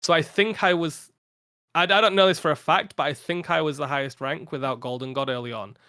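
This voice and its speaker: A tired young man chatting casually on a podcast about his gaming channel, rambling with frequent laughs and a slightly flat delivery. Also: on the high side, fairly quick, clean tone, dry recording, studio quality. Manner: rambling, laughs often, a little flat from fatigue. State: tired after a long day. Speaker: podcast guest, content creator.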